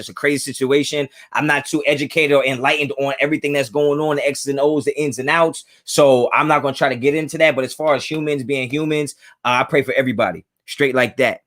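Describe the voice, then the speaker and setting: A man's voice: mid-range voice, fairly bright tone. A man hosting a casual livestream from home, talking in laid-back slang and greeting chatters by name. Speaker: livestream host. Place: home, kids in another room.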